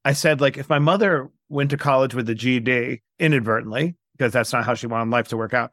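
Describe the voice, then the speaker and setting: Brief: gravelly, dry-miked man in his forties from New York, animated storyteller in an interview. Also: mid-range voice, quick pace, no room sound. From New York, USA. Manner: animated, acts out quoted dialogue. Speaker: guest entrepreneur.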